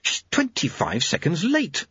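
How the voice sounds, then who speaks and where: A man voicing an eager, obsessive young clockmaker who talks quickly and earnestly, in a dull lo-fi audiobook recording. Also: a little high, wildly swooping pitch, fairly bright tone, slightly rough, no room sound, pitched above the performer's own voice, exaggerated voice. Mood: earnest, fussy.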